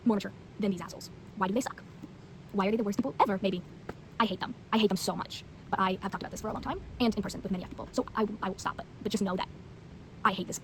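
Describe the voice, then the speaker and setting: Teenage girl, rapid talk, rambling, blunt, casual vlog chat. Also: medium pitch, a little hiss or hum, poor audio. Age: teens. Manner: rambling, filler-heavy, blunt. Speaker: vlogger. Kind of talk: casual book review chat.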